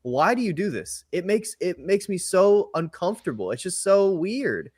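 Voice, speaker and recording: A young man giving blunt, emphatic takes as a co-host of a wrestling show. His voice sits a touch high and moves widely in pitch. He keeps a casual chat tone throughout. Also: big pitch swings, normal speed, a little mellow, slightly rough, no echo, studio quality. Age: young adult.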